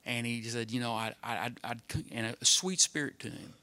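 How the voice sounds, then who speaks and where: A middle-aged man giving a personal testimony to a church congregation, telling his story in an earnest, halting way full of restarts. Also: medium pitch, fairly even intonation, pushed and bright. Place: church, speaking in front of people.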